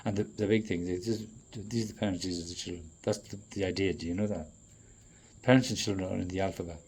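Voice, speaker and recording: A man in a profane, rambling monologue that swings between loud outbursts and low muttering. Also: fairly even intonation, quick pace, husky. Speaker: traveling performer.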